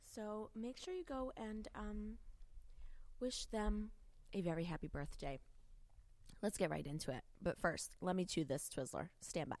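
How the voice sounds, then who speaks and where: A woman evangelist talks through a Bible passage in a loose, chatty podcast manner, full of fillers and street slang. Her voice sits at an ordinary middle pitch for a woman. The studio sound is close and dry, with no room echo. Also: unhurried, a little mellow. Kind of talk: casual podcast Bible teaching. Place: podcast studio with a co-worker present. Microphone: studio mic.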